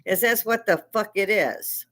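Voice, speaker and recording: An older woman hosting a live stream, delivering a heated, profane political rant that keeps rising into shouting. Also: mid-range voice, measured pace. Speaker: livestream host. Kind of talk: veteran speaking.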